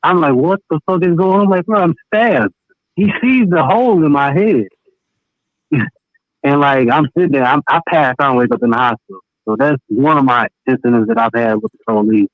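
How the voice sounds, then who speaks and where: A man's voice: medium pitch, brisk, no room sound. Southern male caller, casual and profane, on a dry, phone-like line. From American South. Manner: casual, profane, laughs while telling stories. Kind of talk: phone-in storytelling.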